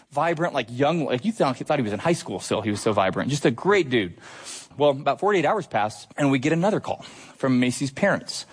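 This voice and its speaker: A male pastor preaching a sermon in an earnest, conversational way, asking the listeners questions. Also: mid-range voice.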